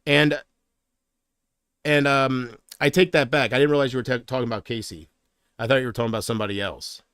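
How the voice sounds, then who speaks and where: A man's voice: mid-range voice, steady tone, fairly quick, a bit bright, clear, resonant tone, no room sound, clean studio sound. A man on a livestream, ranting in an agitated, profane way and talking back to comments from his chat. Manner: reads viewer comments aloud. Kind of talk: live-stream rant to chat.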